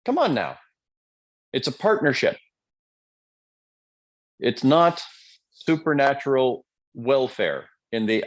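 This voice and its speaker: Lively, joking male motivational speaker. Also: medium pitch, takes it slowly, long pauses. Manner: joking, conversational, quizzes the audience. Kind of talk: live-streamed motivational talk.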